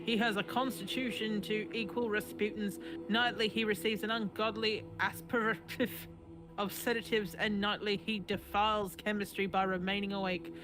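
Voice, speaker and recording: A woman voicing a male wartime doctor who reads out his journal in a put-on Cockney accent, in a slow, measured live story reading. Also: mid-range voice, little pitch movement, music in the background, close to an everyday voice. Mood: grave. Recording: noisy live stream audio.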